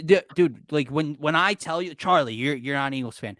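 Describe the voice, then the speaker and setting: A man with a slightly high voice hosts a casual sports talk show, and he keeps getting carried away mid-point. He talks fast and excitedly and trips over his own sentences. The sound is close and dry, with no room around it. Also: dry recording. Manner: excitable, rambling, often self-interrupting. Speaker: podcast host.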